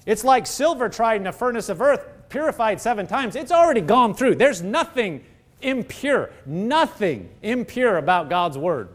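Male pastor, sermon, high voice, very animated pitch, emphatic, rhetorical questions. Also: normal speed.

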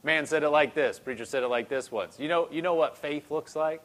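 A man's voice: fairly high pitch, a little fast, fairly bright tone. A man preaching a conversational sermon, repeating phrases and rising into emphatic bursts.

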